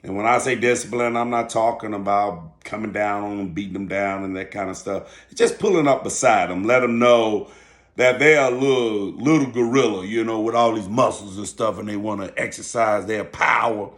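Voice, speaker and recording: An older man, a school teacher and channel host, telling a story in a calm, measured, preachy way. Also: fairly low pitch. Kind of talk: casual talk to camera.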